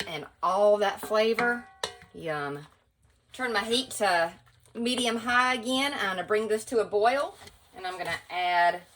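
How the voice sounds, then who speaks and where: Speaking at a medium pitch with a slightly bright tone, this woman cooks at home and talks casually to her vlog audience in a Southern US accent. She's folksy and chatty, saying y'all to viewers. The audio is low quality with a little hiss or hum.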